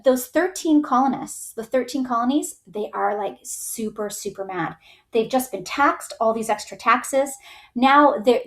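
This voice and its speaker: A teacher with a fairly high-pitched voice gives a chatty, casual history lesson. She tags many lines with "right?" and puts on little voices for the groups she describes.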